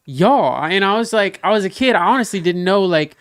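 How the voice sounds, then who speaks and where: A man from the States, hosting a casual podcast interview, telling animated stories and acting out quoted dialogue. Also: high-pitched, fast talker, clean tone, no echo, studio quality. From Southern United States. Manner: asks probing follow-up questions. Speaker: podcast host.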